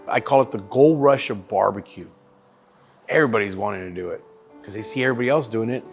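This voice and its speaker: A barbecue pitmaster and chef tells his story in a casual interview, talking fast in a lowish voice with faint music behind him. He is emphatic and profane, calling the listener "dude" and "bro."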